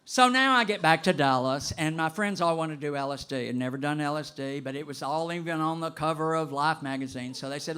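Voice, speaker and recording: An older man telling a personal story to an audience in an animated, conversational way. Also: fairly high pitch, fairly quick, hardly any pauses, clean tone. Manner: animated and conversational, with vocal sound effects.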